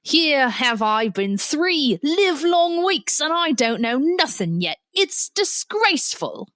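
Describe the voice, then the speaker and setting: A woman's voice: sits high, big pitch swings, takes it slowly, a bit bright, dry recording, pitched above the performer's own voice, heavily acted. A woman doing a nosy, gossipy manservant with a hammy accent. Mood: prying. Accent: put-on, exaggerated. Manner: pompous, prying monologues. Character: nosy, gossipy male servant. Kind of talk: podcast play reading.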